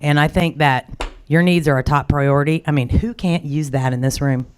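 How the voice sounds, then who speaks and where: A woman's voice: low voice, moderate pace, slight background noise. Rambling storytelling woman from Oklahoma. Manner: rambling, storytelling, acts out quoted greetings. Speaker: audience member at a symposium. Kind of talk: open-forum conference talk.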